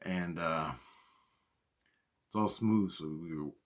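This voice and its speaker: A man's voice: low-pitched, takes it slowly. A man telling a personal story in a casual, rambling way, with lots of swearing and repeated phrases. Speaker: storyteller recounting personal experiences.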